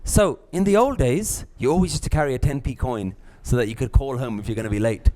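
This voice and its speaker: A middle-aged man, teaching a live class, lively, acting out little scenes and laughing often. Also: medium pitch, fast talker. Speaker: spiritual teacher.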